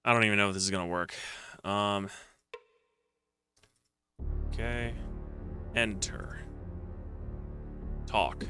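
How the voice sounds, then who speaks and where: A man talks to himself while he plays through a retro computer game on stream, in a low, gravelly voice with a bright, forward edge. Soft background music runs faintly under his casual commentary. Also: steady tone, slow pace, long pauses. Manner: muttering to himself while playing. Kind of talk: casual let's-play commentary.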